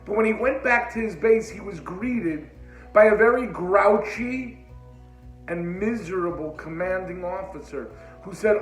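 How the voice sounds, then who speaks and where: Male religious speaker, higher voice, dramatic story-sermon with hushed emotional moments, echoey room, soft music bed. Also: measured pace. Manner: sprinkles Hebrew religious terms.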